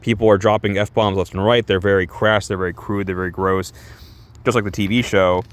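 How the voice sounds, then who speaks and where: A man's voice: on the low side, fairly even intonation, brisk. A man casually reviewing a comic book in a rambling, crude, chatty way, laughing often and correcting himself as he goes.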